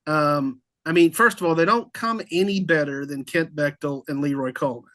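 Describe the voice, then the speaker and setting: A man's voice: a little high, moderate pace, fairly bright tone. A man hosting a casual podcast chat. He laughs easily and hands the floor to his guests. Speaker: podcast host, sports editor.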